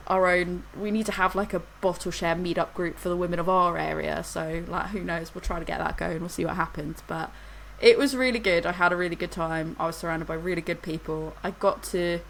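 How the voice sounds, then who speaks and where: A woman's voice: on the low side, steady tone, fairly quick, vocal fry, few pauses, slight background noise, poor audio. A woman, co-hosting a podcast and telling a rambling story in casual chat. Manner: rambling storyteller, laughs through anecdotes. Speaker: podcast co-host.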